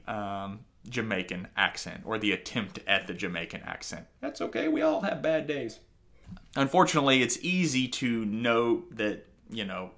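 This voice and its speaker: A man's voice: mid-range voice, sharp tone. A man giving a casual spoken review of an audiobook, talking in a loose, conversational way with frequent fillers and restarts. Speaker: book reviewer.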